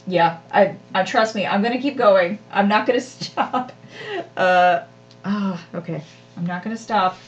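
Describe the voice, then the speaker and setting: The woman hosting this crafting livestream has a medium-pitched voice, a little slow, heard through dull audio. She chats easily with viewers while crafting, poking fun at herself and laughing often.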